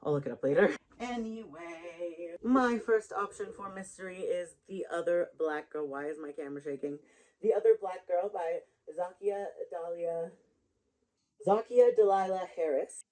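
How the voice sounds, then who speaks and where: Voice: medium pitch, normal speed, a little mellow, poor audio. Chatty book vlogger rambling to the camera, laughs at own jokes, just the camera mic. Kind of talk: casual book chat to camera. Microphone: built-in camera mic.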